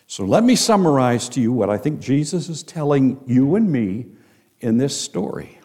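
A male pastor preaching a sermon, emphatic, with rhetorical questions and dramatic pauses. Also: mid-range voice, big pitch swings, darkish tone.

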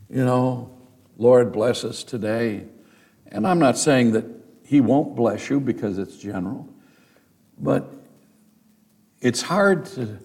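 A man's voice: medium pitch, creaky, darkish tone. A man preaching a sermon as pastor, speaking earnestly to his congregation, telling stories and building to emphatic peaks. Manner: addresses the congregation directly, with storytelling asides.

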